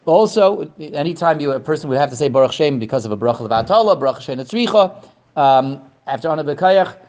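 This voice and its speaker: A man teaching an informal Torah class, halting and repeating words, pushing his voice up to stress a point. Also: on the high side, lively intonation, a little mellow.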